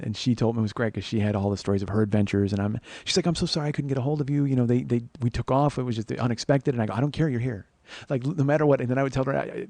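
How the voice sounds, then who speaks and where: A man's voice: mid-range voice, creaky, darkish tone, dry recording. A man in his forties hosting a podcast, telling a long comedic personal story. He acts out both sides of the conversations and swears casually, with frequent restarts. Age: 40s. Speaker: podcast host.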